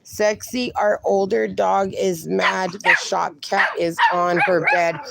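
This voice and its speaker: Middle-aged male streamer, fry-edged voice, warm and rambling, backyard phone stream with dogs. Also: high-pitched, little pitch movement, slow pace, hardly any pauses, background noise. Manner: affectionate, rambling, chatty. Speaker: livestreamer. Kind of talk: casual livestream chat, reading viewer comments aloud. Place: outdoors in a backyard at night.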